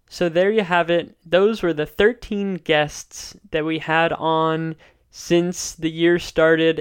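A man hosting an investing podcast, recapping guest episodes alone in a measured, explanatory way. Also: fairly high pitch, clean tone. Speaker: podcast host.

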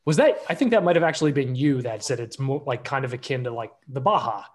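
A man co-hosting a podcast in casual chat, relaxed and explanatory with dry humor. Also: medium pitch, quick pace. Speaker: podcast co-host.

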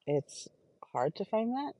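This podcast host chats through a stream-of-consciousness journal entry on a phone recorder in a car, often filling pauses and correcting herself. Her mid-range, warm voice is very animated yet slow. Recording quality is low.

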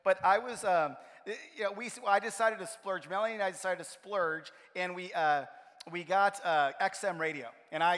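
A man preaching a sermon as pastor of his church, telling stories in an animated way. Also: on the high side. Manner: animated storytelling, acts out his own frustration. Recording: long hall reverb.

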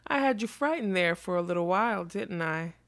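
A woman's voice: fairly low pitch, lively intonation, a little fast, fairly bright tone. A woman reading a storybook, voicing a scheming old carnival witch with a sweet, smoky, mocking voice. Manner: mocking, snarling when crossed.

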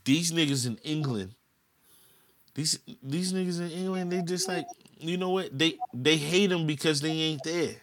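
A man's voice: fairly high pitch, normal speed. A man from the United States, ranting in a casual chat on a podcast and cursing a lot. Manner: animated ranting, heavy cursing.

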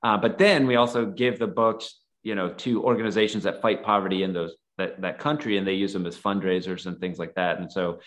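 Earnest rambling man, lowish voice. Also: fairly even intonation, fairly quick, hardly any pauses. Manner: rambling, heavy on "like" fillers, earnest. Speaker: guest, photographer and nonprofit founder. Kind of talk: casual storytelling.

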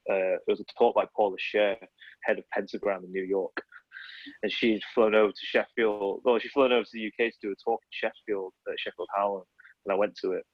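A man's voice: fairly low pitch, steady tone, a little fast, no echo, dull audio. A man in his thirties, an illustrator, chatting casually in a podcast and rambling with many fillers and self-corrections. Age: 30s.

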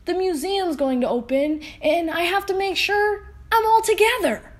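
A woman voicing an anxious, ticklish male T-Rex who speaks in a high, squealing, pleading voice. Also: moderate pace.

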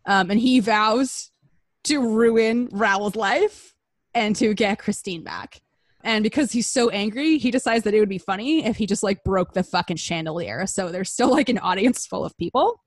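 A woman retelling a story in a playful, slangy way, putting on quick casual voices for the characters. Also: mid-range voice, dry recording. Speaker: storyteller recapping a musical.

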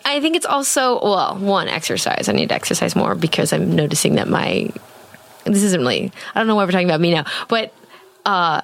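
A woman's voice: fairly low pitch, sing-song, a little fast, creaky. A young adult woman hosting a podcast, chatting candidly and giggling often. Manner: giggly, chatty, frequent laughs. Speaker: podcast host. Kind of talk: candid casual chat.

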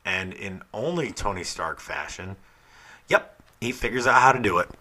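Young man, podcast co-host, casual and animated, bright forceful delivery. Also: fairly low pitch, moderate pace. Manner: animated, swears freely, loud bursts when quoting scenes.

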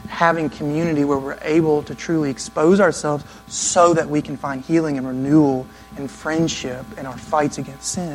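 A man preaching a sermon in an earnest, conversational way, now and then acting out quick asides. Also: a little high, rough recording. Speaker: pastor.

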